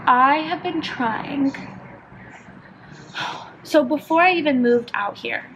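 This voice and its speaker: Young female vlogger from California, high voice, chatty and filler-heavy, telling a story while doing her makeup at home. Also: slow pace, highs cut off, a little hiss or hum. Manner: chatty, filler-heavy, animated retelling with lots of "like". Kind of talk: casual get-ready-with-me storytelling.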